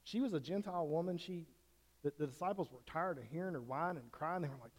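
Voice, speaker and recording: A man's voice: on the high side, fast talker, darkish tone. A man preaching a sermon as a pastor in a church, in a conversational way with frequent restarts and self-corrections. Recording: long church-hall reverb.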